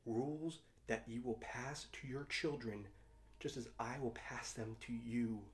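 A man's voice: medium pitch, fairly even intonation, unhurried, lightly acted. A man reading aloud and voicing a cold, contemptuous father who speaks in a clipped, scornful way.

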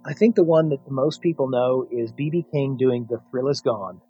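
A man's voice: mid-range voice, moderate pace, warm tone, slightly rough, dull audio. A middle-aged American man co-hosting a music podcast, chatting with eager enthusiasm. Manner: enthusiastic, laughing easily. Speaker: podcast co-host. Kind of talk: casual chat about music.

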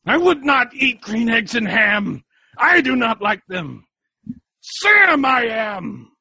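A frantic young man breaking free of a vampire's spell, as a man puts him on. He pushes his refusals high and loud, strained and insistent. He sounds husky, with a gravelly fry. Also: sing-song, slow, no echo, heavily acted. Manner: strained, insistent, building to shouts. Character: desperate young man resisting mind control. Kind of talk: dramatic reading.

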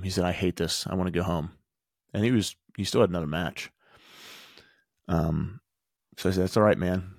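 A man hosting a podcast, telling a personal story in an animated way, his voice rising when he quotes others. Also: low voice, creaky, no echo, clean studio sound. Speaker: podcast host. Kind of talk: storytelling monologue.

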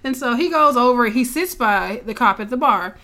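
Animated woman recapping a movie, laughing. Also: fairly high pitch, moderate pace. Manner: animated storytelling, laughing often, acting out characters' lines. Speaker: podcast co-host recapping a movie. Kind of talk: casual chat.

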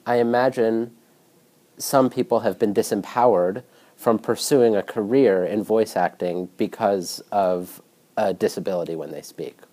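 Slow, deliberate speaker with a dark tone. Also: medium pitch. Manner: deliberate, carefully phrased. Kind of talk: measured commentary.

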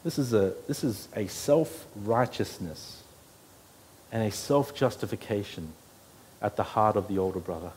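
A man's voice: lowish voice, lively intonation, unhurried, a little mellow, slight background noise. A pastor preaching an earnest sermon to his church, his voice rising when he quotes scripture.

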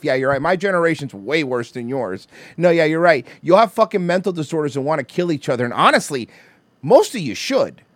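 Profane, animated man ranting on a podcast. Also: a little high, creaky, no room sound. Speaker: podcast host. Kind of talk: casual chat.

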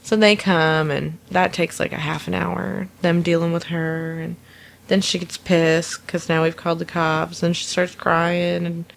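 A woman tells a funny story about a day at work in a relaxed, chatty way. She is animated and acts out the people she quotes. She laughs often as she goes. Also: fairly low pitch, unhurried, creaky, a little hiss or hum. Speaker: storyteller recounting a work incident. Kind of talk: casual anecdote.

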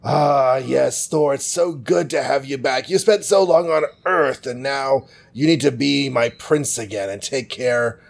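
A man's voice: mid-range voice, measured pace, vocal fry, few pauses. A man voicing a grumpy older father god king, talking in an offhand, exasperated modern way. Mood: grumbling.

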